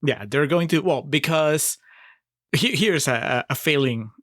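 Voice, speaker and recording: A man's voice: fairly high pitch, lively intonation, measured pace, fairly bright tone, no echo. Man, podcast co-host, casual critical banter, dry mic. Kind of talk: casual film discussion.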